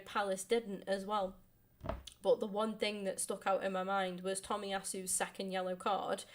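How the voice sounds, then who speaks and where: A young woman streamer chatting casually at the end of a football watch-along, ranting about refereeing with lots of ums and some swearing. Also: mid-range voice. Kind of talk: casual live-stream chat.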